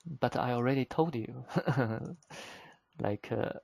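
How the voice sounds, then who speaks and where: Taking it slowly, this Chinese teacher's medium-pitched voice carries vocal fry and a darkish tone, with no room sound on the recording. He walks through vocabulary patiently, one step at a time, using simple examples and plain, slightly broken English.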